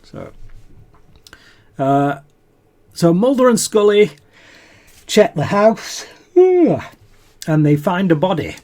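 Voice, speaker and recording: A man's voice: high-pitched, big pitch swings, drawn-out words, long pauses, dark tone. A man co-hosting a podcast, recapping a TV episode in casual chat, laughing often and restarting sentences. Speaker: podcast co-host.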